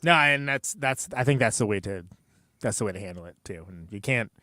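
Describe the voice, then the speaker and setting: Lively, upbeat podcast host man. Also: fairly low pitch, a little fast, no echo, studio quality. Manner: enthusiastic, friendly. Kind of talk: casual podcast interview.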